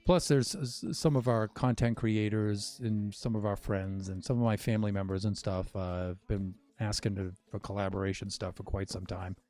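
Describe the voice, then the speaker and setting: Low-voiced older man, rambling stream chat. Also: fairly even intonation, moderate pace, few pauses, warm tone, faint music behind. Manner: rambling, wry, self-mocking asides. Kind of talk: casual gameplay chat.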